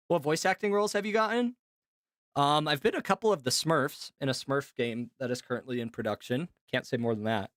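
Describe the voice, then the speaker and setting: A man's voice: mid-range voice, a little fast, fairly bright tone, no echo, studio quality. A man who works as a voice actor, rambling easygoing to his chat during a live stream.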